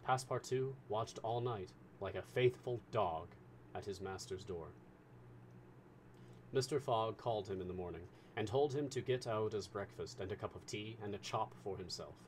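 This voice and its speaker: A male storyteller with a fairly low voice reads a classic novel aloud live, in a measured and expressive way. Faint hiss sits under his voice.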